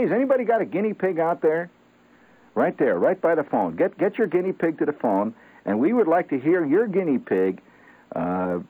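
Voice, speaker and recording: Husky low-voiced radio guy rambling, pitch bouncing around, tinny old broadcast. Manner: rambling, halting, chuckling, full of fillers. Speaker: radio host. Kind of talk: rambling comic late-night radio monologue.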